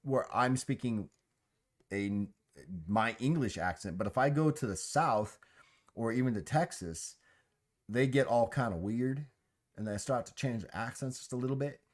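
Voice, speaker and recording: A man's voice: mid-range voice, moderate pace. A man hosting a casual chat, musing aloud with a rambling, restarting way of talking. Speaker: host.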